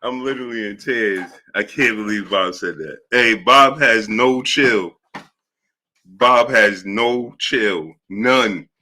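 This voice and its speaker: A man hosting a casual boxing livestream, giving shout-outs and laughing often as he talks. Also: on the low side, takes it slowly. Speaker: livestream host.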